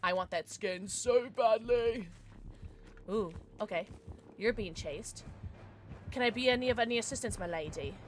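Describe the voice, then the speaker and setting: A woman streaming a game live, chatting excitedly with viewers and her teammates and calling people love. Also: fairly high pitch, a little slow, pauses often. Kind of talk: live gameplay commentary.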